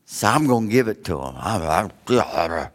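A middle-aged man preaching a sermon, rising for emphasis and dropping low for joking asides. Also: very animated, a little slow. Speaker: pastor.

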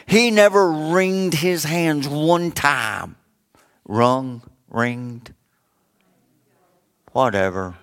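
A middle-aged man preaching a sermon, rising for emphasis and dropping low for joking asides. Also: animated, takes it slowly, hardly any pauses, a bit bright. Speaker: pastor.

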